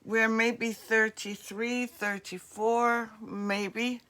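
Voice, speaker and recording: A woman's voice: fairly high pitch, level tone, extremely slow, bright, forceful tone. A woman with a New Jersey accent, hosting a crafts livestream and chatting casually with viewers in the comments. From northeastern US. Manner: chatty, friendly asides to commenters.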